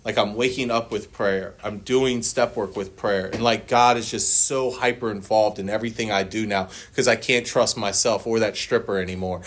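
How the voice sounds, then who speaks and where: A man in his forties speaks at a fairly low pitch and moderate pace, hardly pausing, as he shares his recovery story at a meeting. He swears a lot, laughs often, and acts out others' words.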